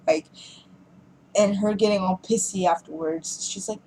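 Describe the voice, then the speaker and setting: A woman's voice: medium pitch, fairly even intonation, moderate pace, dark tone, a little hiss or hum, poor audio. A woman giving a casual, rambling film review rant, frustrated and full of fillers.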